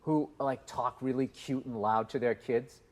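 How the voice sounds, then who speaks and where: A man in his fifties co-hosting a casual comedy podcast, ranting loudly and profanely and acting out the people in his stories. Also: mid-range voice, fairly even intonation, unhurried. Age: 50s. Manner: ranting, loud, profane, acts out other people's voices. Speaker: podcast co-host.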